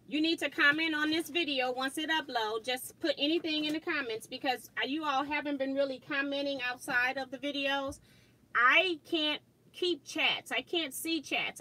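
A middle-aged woman hosts a casual quilting livestream, chatting, laughing often and reading viewer comments aloud. Her voice is fairly high, bright and forceful, captured in a rough recording.

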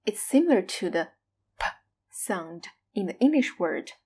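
A woman's voice: mid-range voice, sing-song, measured pace, darkish tone, husky. A woman teaching Mandarin pronunciation, modeling each syllable with exaggerated tones in a scripted lesson.

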